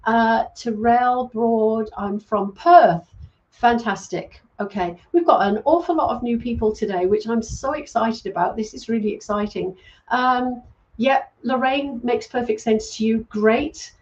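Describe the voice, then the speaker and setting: Her voice is somewhat high and a little slow, and the recording loses its highs. A middle-aged medium born in England who grew up in Wales, she hosts a relaxed livestream, reading viewer comments aloud, chatting, thanking people warmly, and umming often.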